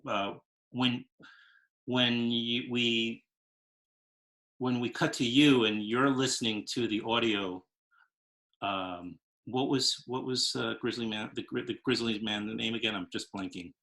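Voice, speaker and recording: Man in his fifties, show host, bright edgy tone, rambling and hesitant. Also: medium pitch, fairly even intonation, a little slow. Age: 50s. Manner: rambling, hesitant, full of restarts. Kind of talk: interview conversation.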